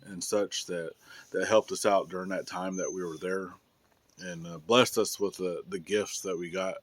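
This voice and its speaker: A man's voice: fairly low pitch, a bit bright, no room sound. A man giving a casual vlog update outdoors on his homestead, sick and losing his voice, talking in an easygoing drawl with fillers and restarts. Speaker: family homestead vlogger. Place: outdoors on a rural building site.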